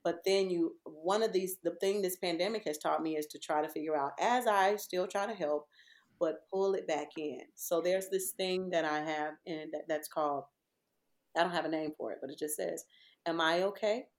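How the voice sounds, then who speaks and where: A woman's voice: lowish voice, moderate pace. A woman in her thirties or forties, a podcast guest chatting casually and telling stories with lots of laughter. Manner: animated storyteller, laughs often.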